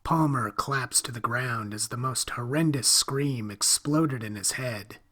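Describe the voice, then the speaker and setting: Slow, hushed male horror narrator. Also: mid-range voice.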